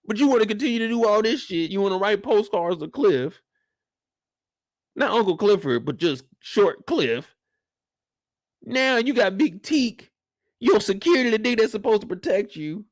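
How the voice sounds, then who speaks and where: A young man, recapping a TV episode alone in loud, slangy, excitable storytelling with acted-out reactions. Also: high voice, no room sound, studio quality. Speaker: show recap host. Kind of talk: animated solo recap of a TV episode.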